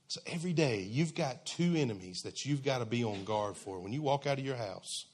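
A man's voice: medium pitch, breathy edge. A man preaching a sermon in a conversational, emphatic, folksy way.

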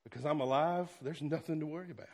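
Male preacher, fairly high voice, rises loud then drops to a hush. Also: fast. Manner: dynamic preaching, swinging from loud to hushed. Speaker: pastor. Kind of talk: sermon.

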